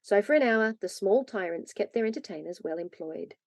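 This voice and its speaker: A woman narrating a classic children's story aloud in a lively, expressive way. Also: mid-range voice, a little fast, no echo. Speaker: reader.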